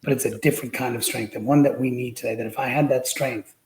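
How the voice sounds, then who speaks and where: A man guesting on a podcast chats casually about politics, speaking quickly in a mid-range voice as he tells stories with energy and plays out the quotes. The room is echoey and the recording is low quality.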